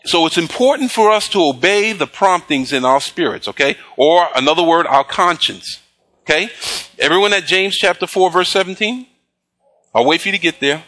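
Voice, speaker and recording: A man preaching a sermon, reading scripture slowly and pausing to prompt the congregation with call-and-response questions. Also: sits high, lively intonation, sharp tone. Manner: slow emphatic scripture reading. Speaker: pastor.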